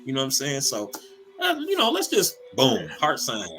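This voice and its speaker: A man co-hosting a casual comedy podcast, talking in an animated, profane way, laughing often and repeating words as he goes. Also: mid-range voice, normal speed. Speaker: podcast co-host.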